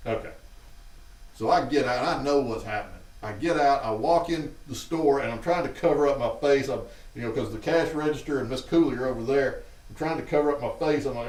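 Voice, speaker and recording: Animated Southern man telling stories, off-mic. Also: medium pitch, a little fast, recorded from a distance. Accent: Southern US, Alabama. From Alabama. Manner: animated, acts out quotes from family members. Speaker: host. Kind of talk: casual storytelling to a live chat. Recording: roomy, off-mic sound.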